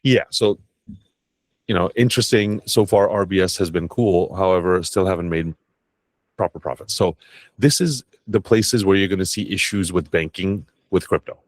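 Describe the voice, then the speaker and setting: A man's voice: low-pitched, moderate pace, dry recording. A man teaching an online class on crypto and banking, talking casually and bluntly, swearing now and then and briefly acting out bank staff. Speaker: crypto tax educator. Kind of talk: casual masterclass talk.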